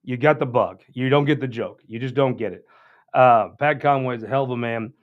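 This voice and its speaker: A man's voice: mid-range voice, fairly quick. A man hosting a political talk show, rambling in a folksy, casual monologue with frequent restarts. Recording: dull lo-fi sound.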